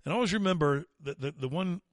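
A man's voice: a little high, expressive, fast, no echo. A man hosting a talk radio show, ranting in an indignant, sarcastic monologue into a studio microphone.

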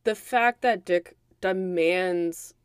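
A woman's voice: on the low side, very slow, smooth, no echo, clean studio sound. A young adult woman co-hosting a podcast, recapping a movie in casual chat with lots of swearing and acted-out quotes. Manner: animated, profane storytelling with acted-out quotes. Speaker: podcast co-host.

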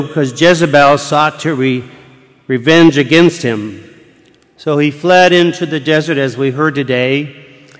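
An older man, a retired priest, preaching a sermon in a church, telling the story slowly and dropping to a hushed whisper at times. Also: a little high. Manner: slow, deliberate storytelling with dramatic hushed whispers. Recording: long church reverb.

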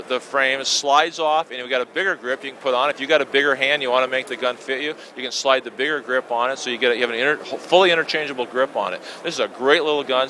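A man at a trade show booth, pitching a new product enthusiastically in an interview. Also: sharp tone, a little hiss or hum, rough recording. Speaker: company representative.

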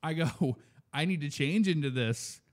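A man's voice: on the high side, unhurried. A man telling a story in loose, casual chat. He acts out the lines of the people he met as he goes. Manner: animated storytelling, acts out voices.

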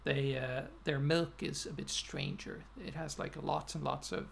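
A man's voice: mid-range voice, steady tone, measured pace, vocal fry, a bit bright, a little hiss or hum. An Icelandic man co-hosting a podcast, chatting casually and hesitantly, with lots of restarts. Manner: hesitant, full of restarts and fillers, laughs easily. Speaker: podcast co-host. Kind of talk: casual chat.

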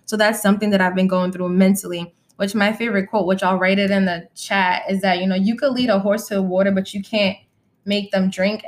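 A young adult woman hosting a casual live-audio podcast, talking bluntly and candidly and reacting to comments from the chat. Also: medium pitch. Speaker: podcast host and musician.

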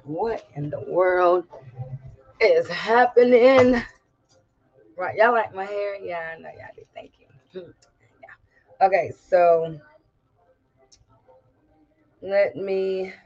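A man with a Southern country accent hosts a livestream, greeting viewers in an easy, folksy way. He talks slowly in a somewhat high voice. The sound is dull and lo-fi, with faint music underneath. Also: flat delivery, darkish tone. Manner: folksy, chatty, drawn-out greetings. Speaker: livestream host. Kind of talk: casual chat to online viewers.

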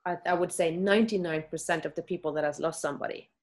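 Woman guest with a slightly low voice, open and reassuring, pauses to find her words. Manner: halting, searching for words, then earnest and reassuring. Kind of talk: candid conversation about grief.

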